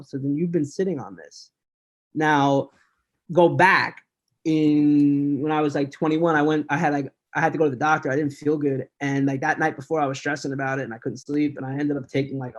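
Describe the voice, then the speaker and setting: A man's voice: a little high, dull audio. A man in his thirties, a podcast guest telling a personal story candidly, often laughing as he talks.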